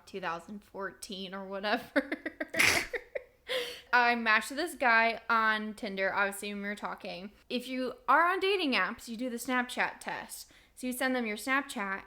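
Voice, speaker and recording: A young woman co-hosting a podcast, telling a dating story in a chatty, animated way. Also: medium pitch. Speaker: podcast co-host. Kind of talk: casual storytelling chat.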